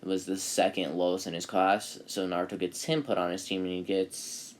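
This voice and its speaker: Low-voiced man rambling through a fan story. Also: level tone, normal speed. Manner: rambling, many fillers and restarts, self-correcting. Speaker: anime video maker.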